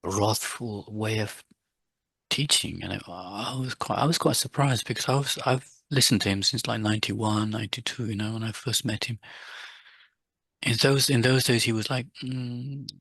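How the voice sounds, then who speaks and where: Middle-aged guy teaching buddhism, husky, dry close sound, chatty and restarts a lot. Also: on the low side, moderate pace, fairly bright tone, no echo. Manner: conversational, many restarts, quotes his teacher with raised voice. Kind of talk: dharma talk to students.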